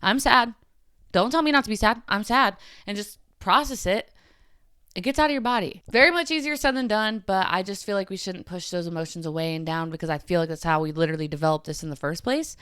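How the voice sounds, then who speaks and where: A woman's voice: lowish voice, fast, a bit bright, clear, resonant tone, dry recording, studio quality. A woman hosting her own podcast, talking candidly to her camera in an earnest, emotional way, with many "like" fillers and trailing restarts. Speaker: podcast host. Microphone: camera mic.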